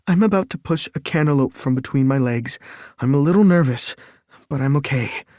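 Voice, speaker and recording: A man's voice: mid-range voice, lively intonation, a little fast, darkish tone, no room sound, studio quality, voice pushed up, natural voice. A man voicing a young woman in labor. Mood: strained.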